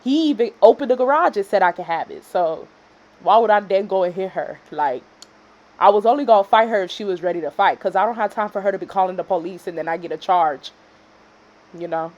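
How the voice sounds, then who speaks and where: A woman in her twenties from Houston, Texas, telling a casual storytime vlog in a dramatic way that swings from loud reenactment to quiet asides. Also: medium pitch, brisk, dull audio. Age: 20s. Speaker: storytime vlogger.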